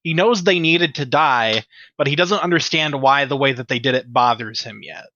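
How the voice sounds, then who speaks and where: Male player, bright and lively, over muffled lo-fi call audio; earnest. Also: mid-range voice, normal speed. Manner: earnest, conflicted. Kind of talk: casual tabletop role-play.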